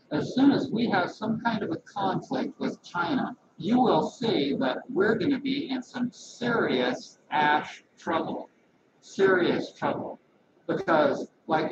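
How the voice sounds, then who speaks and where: Animated, gravelly man vlogging. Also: high-pitched. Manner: rambling, animated, folksy asides. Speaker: massage therapist. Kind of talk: casual vlog talk to camera. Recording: echoey lo-fi webcam audio from a distance with loud background noise.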